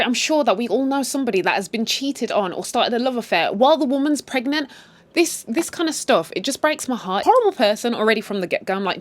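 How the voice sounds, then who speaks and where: A young woman casually recapping a TV series, sassy and swearing freely, jumping into other people's lines as she quotes them. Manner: sassy, swears freely, acts out quotes with big pitch jumps. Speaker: YouTube storyteller retelling a series. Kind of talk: casual animated story recap.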